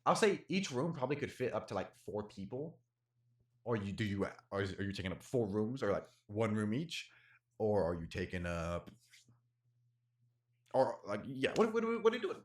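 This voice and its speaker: A man's voice: lowish voice, big pitch swings, normal speed, echoey room. A man narrating as game master of a tabletop game in a casual, rambling way. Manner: casual, rambling, lots of fillers.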